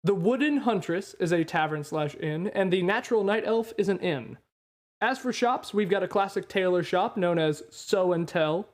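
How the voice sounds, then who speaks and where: A man running a tabletop game as dungeon master, laid-back and halting, with frequent pauses and "uh"s. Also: sits high. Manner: reads a list of punny names, breaking into laughter.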